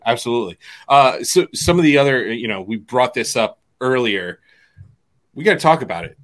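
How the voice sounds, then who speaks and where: A man's voice: medium pitch, lively intonation, moderate pace, fairly bright tone. Joking male podcast co-host. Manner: asks questions, restarts, joking. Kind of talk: casual chat.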